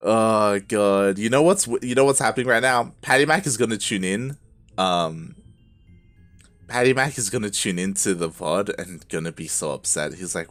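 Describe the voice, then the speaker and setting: Excitable male game caster. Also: fairly low pitch, moderate pace. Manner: excitable, swings from calm play-by-play to loud shouting; laughs often and uses casual slang. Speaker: esports caster. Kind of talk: live game commentary.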